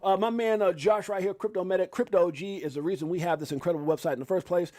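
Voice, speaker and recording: A Chicago man rattles along at a breakneck clip as he hosts a casual livestream, shouting out his viewers. His voice sits high and stays excitable, and the sound is dry and close to the mic. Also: fast talker, dry recording. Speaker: livestream host. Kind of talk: hyped casual livestream chat.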